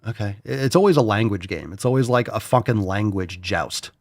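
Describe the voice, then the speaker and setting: A man's voice: on the low side, lively intonation, a little fast, no room sound, clean studio sound. A man hosting a podcast, talking bluntly and profanely in casual chat, mocking others in put-on voices. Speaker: podcast host.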